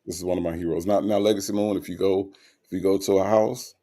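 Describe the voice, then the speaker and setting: A man's voice: deep voice, steady tone, fast, dark tone. A man hosting a casual livestream talk show, reading out viewer comments and repeating phrases for effect.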